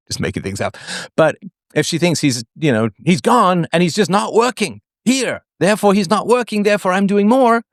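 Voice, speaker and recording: A man's voice: medium pitch, no echo, studio quality. A middle-aged man hosting a live call-in talk show, talking casually and acting out quoted voices as he goes. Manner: animated, acts out quoted voices, sings snatches. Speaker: podcast host. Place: online audio space.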